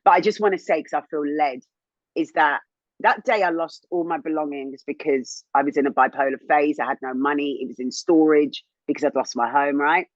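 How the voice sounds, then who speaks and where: A woman in her thirties, a TV presenter, telling her own story as an interview guest in a candid, animated way, rising high when indignant. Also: brisk, no room sound, muffled recording. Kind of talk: emotional personal testimony.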